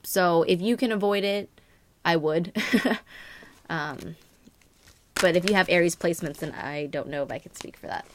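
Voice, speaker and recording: A woman's voice: lowish voice, normal speed, pauses often, a little hiss or hum. A young woman giving a casual astrology and tarot reading, rambling and filling her talk with "like" and "um". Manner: rambling, many fillers and "like". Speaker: tarot reader.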